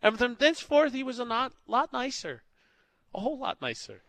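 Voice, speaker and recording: A man's voice: very high-pitched, sing-song, moderate pace, creaky, a bit bright, no room sound. A young man hosting a morning radio show, telling stories in a joking, chatty way from the studio. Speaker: radio host. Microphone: studio mic.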